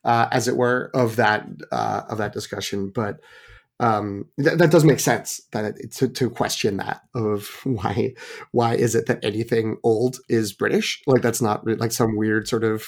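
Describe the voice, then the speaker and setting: A man's voice: lowish voice, steady tone, measured pace, gravelly. A man co-hosting a film podcast, chatting casually and rambling with restarts and fillers. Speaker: podcast co-host.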